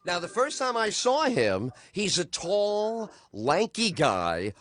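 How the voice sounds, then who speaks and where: A man's voice: slow pace, no echo. A man hosting a casual radio chat, telling stories with gusto and acting out lines in other voices. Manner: lively storyteller, acts out bits in high voices. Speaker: radio host.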